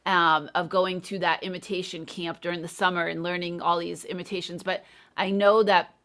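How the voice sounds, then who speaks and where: A woman's voice: lowish voice, little pitch movement, normal speed, a bit bright. A middle-aged woman hosting a casual live interview, talking thoughtfully with many hedges and fillers. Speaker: host, English teacher.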